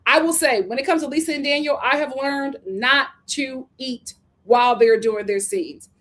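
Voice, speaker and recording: Woman host, sassy recap chatter, bit high-pitched, laughs through it. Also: normal speed. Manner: sassy, animated, laughs often. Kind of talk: casual recap chat.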